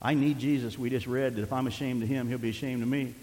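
An older man preaching a sermon as pastor, swinging between emphatic shouting and hushed, conversational asides. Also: mid-range voice, fairly even intonation, fast talker, big-room sound, rough recording.

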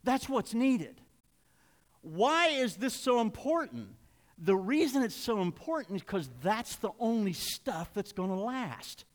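A man's voice: high voice, very animated, a little slow, big-room sound. An older man preaching a sermon in a church, folksy and confessional, building to emphatic points. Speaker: pastor. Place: church sanctuary.

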